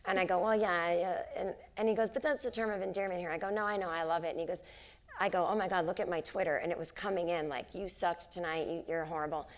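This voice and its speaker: A woman in her forties tells stories in a relaxed onstage conversation, her voice set a little low. She acts out the people she quotes as she goes, picked up by a stage microphone in a theater. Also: quick pace. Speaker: comedian and author, interview guest. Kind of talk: casual onstage conversation, storytelling. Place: theater stage before a live audience.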